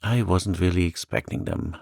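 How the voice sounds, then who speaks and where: A man's voice: sits low, normal speed, creaky, a little mellow, no echo, studio quality. A man voicing a lonely, sweet little old lady who talks in a chirpy, eager, fluttery way. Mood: wistful.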